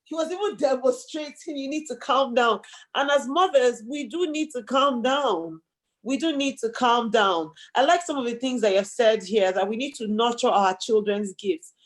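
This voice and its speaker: A woman hosts an interview, warmly affirming what her guest says before winding into long, rambling questions. Her voice sits a little higher than most. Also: moderate pace. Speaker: host. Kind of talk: interview chat.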